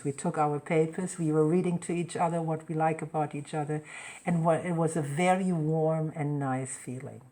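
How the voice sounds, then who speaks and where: Low-voiced woman telling family stories. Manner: lively storyteller who acts out quoted dialogue. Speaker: live show host. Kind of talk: casual live-stream storytelling.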